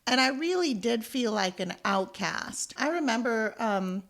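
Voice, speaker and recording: A woman's voice: a little high, expressive, measured pace, fairly bright tone. Middle-aged woman reminiscing on a podcast. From Jamaica. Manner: reminiscing, chiming in with agreement. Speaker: podcast co-host. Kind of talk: casual podcast chat.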